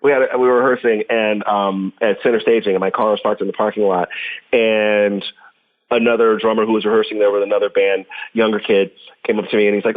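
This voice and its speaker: A man chatting as a guest on an interview podcast, telling stories in an animated, jokey way. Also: lowish voice, fast, narrow, tinny audio. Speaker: guest drummer. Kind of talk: casual interview chat.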